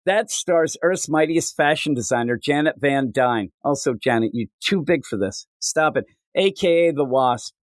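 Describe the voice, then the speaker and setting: A man's voice: fairly high pitch, expressive, moderate pace, few pauses, no room sound, studio quality. A man hosting a comics podcast, riffing jokily and putting on silly voices. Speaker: podcast host. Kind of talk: casual comedic chat.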